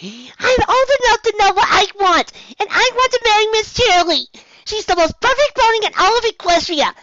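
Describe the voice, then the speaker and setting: A woman voicing a heartbroken young girl pony who squeaks and cries in a very high voice. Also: animated, normal speed, fairly bright tone, no room sound, highs cut off. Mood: crying. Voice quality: very high, squeaky and cracking with tears.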